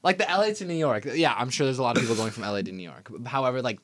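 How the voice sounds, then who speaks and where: A man's voice: mid-range voice, sing-song, racing, a bit bright, no echo. A young man co-hosting a casual podcast, rambling and filling his talk with "like". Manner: rambling, heavy use of "like". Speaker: podcast co-host.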